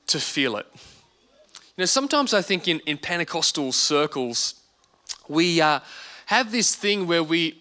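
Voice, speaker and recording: A man's voice: on the high side, sharp tone. A man in his thirties preaching a sermon as pastor, earnest and repeating words for emphasis.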